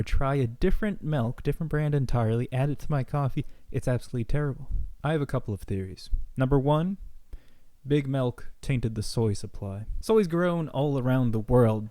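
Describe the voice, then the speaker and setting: A young man telling a comic story in a deadpan, mock-serious rambling way, like a vlogger's monologue. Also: medium pitch, no echo. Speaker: comedy vlogger.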